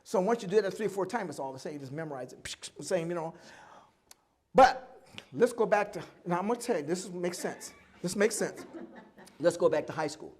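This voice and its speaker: A man in his seventies, a guest at a live oral history event, telling stories from his life in an animated way and acting out both sides of each conversation. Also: high voice, fairly quick, breathy edge. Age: 70s. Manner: animated storyteller who acts out dialogue and laughs often.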